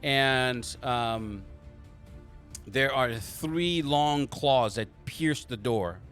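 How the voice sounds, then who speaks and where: A man narrating a tabletop game as game master, halting and restarting, with quick voiced asides. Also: medium pitch, a bit bright, clean tone, faint music behind.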